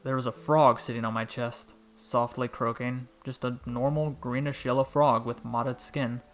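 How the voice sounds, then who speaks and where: A young man reads a story aloud in a calm, measured voice, soft-spoken and steady. His pitch sits in the ordinary middle range for a man, with faint music playing behind him. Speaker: narrator. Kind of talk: scripted story narration.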